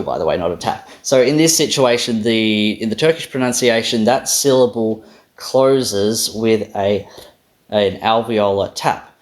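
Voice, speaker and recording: A man with an Australian accent giving a casual, self-deprecating explainer on pronunciation, stopping to say sounds aloud. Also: medium pitch. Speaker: language video host.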